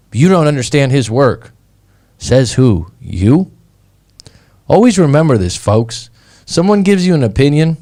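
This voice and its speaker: A male coach rants through a casual monologue, blunt and not shy about swearing. His voice is mellow and dark, pitched in a middle range for a man. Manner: blunt, swears, retells online arguments. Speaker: breakup coach and podcast host.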